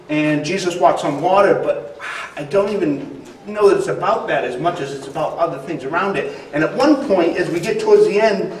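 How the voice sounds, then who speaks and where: A man's voice: high-pitched, a little hiss or hum. A man pastor preaching a sermon in a casual, conversational way, with frequent fillers. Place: church hall. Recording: echoey hall, distant mic.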